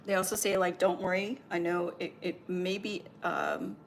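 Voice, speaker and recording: A woman with a fairly low voice gives channeled spiritual guidance on a livestream. She rambles gently, stacks up ums and likes, and keeps a soothing, reassuring tone. Faint noise hums behind her. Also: fairly even intonation, normal speed. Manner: meandering, filler-heavy, reassuring. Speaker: spiritual medium and Reiki healer.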